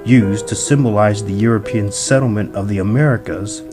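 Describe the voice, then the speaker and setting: A man reading scripted documentary narration in a grave, measured way. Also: on the low side. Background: music.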